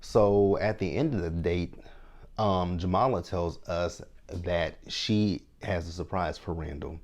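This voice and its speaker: A man's voice: sits low, slow pace, darkish tone. A man in his thirties giving a frank, chatty TV recap, often checking in with his viewers. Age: 30s. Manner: chatty, frank, keeps asking "right?". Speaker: TV show reviewer. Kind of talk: casual recap commentary.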